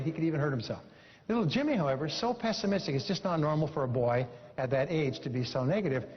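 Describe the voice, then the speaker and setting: A man with a fairly high voice gives a motivational seminar speech and drives his points home with emphatic repetition. He tells a story to the room. The recording is dull and lo-fi, with a long reverb from the hall. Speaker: motivational speaker.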